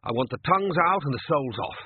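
A man's voice: fairly high pitch, expressive, breathy edge, no room sound, voice pushed up. A man voicing a scheming restaurant manager who barks orders at his kitchen staff, on a tinny, phone-like recording. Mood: bossy. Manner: bossy, quick and commanding. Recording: tinny phone-like dry audio.

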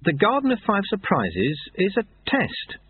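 A man's voice: high-pitched, huge pitch swings, a little slow, slight background noise, pitched above the performer's own voice, heavily acted. An earnest, anxious young novice monk, as a man puts him on in a storybook reading. His raised voice comes out eager and flustered, full of questions. Everything sounds thin and tinny, like a phone line.

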